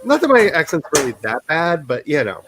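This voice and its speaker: A man's voice: a little high, huge pitch swings, brisk, bright, forceful tone, a little hiss or hum, low-quality recording. A man hosting a casual writing sprint livestream, rambling and self-deprecating and laughing often.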